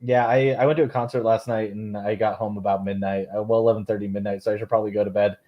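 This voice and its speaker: A man's voice: on the low side, level tone, fast talker, highs cut off. Rambling male podcast host. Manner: rambling, heavy with "like" fillers. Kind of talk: casual chat.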